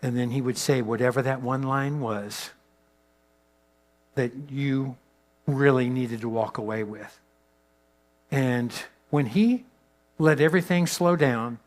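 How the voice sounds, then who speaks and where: Man, guest speaker, leadership talk to pastors, mid-pitched voice, animated storytelling, wide swings in pitch and volume, soft slow emphasis.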